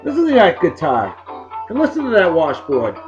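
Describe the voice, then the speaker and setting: A man's voice: high-pitched, wildly swooping pitch, moderate pace, dull audio, over music. A man hosting a casual video blog, brash and joking, with a loose, crude way of talking. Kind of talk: casual chat over music.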